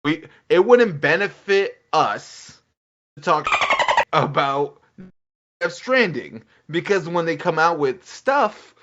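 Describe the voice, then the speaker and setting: Guy hosting a gaming podcast, kinda high voice, rambly and animated, muffled audio. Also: slow pace. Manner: animated, rambling, acts out quotes. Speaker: podcast co-host. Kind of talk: casual gaming podcast chat. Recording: dull lo-fi audio.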